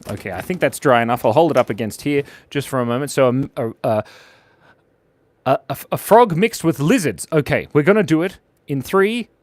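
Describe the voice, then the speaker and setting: A man's voice: mid-range voice, animated, a little fast, dry recording. An Australian man hosting a playful live drawing stream for kids, joking with viewers as he draws. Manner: playful, jokey, chatting to viewers while drawing. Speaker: art stream host.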